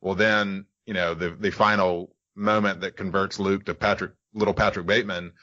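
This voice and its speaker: A man with a very low, forceful and bright voice co-hosts a podcast interview. He talks at length, hedging with "you know". The audio is slightly lo-fi and dull. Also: flat delivery, moderate pace. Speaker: podcast co-host.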